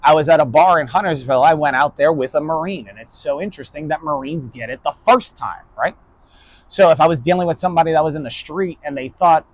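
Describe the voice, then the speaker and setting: A man's voice: fairly high pitch, animated, a little fast, breathy edge. A man from New York giving a casual, blunt lecture to his online class, swearing freely and ending nearly every point with "right?". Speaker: online philosophy class host.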